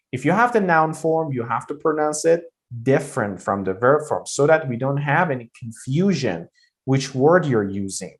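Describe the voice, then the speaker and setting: A man teaching a pronunciation lesson, explaining step by step with patient repetition and occasional fillers. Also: mid-range voice. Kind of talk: recorded lesson.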